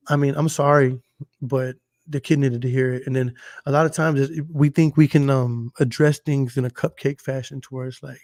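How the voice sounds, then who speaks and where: A man on a casual podcast tells stories in loose, cussing slang and keeps checking in with "you know what I'm saying." His voice sits a little high for a man. The sound is close and dry, with no room echo. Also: fairly quick, a little mellow. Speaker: podcast co-host.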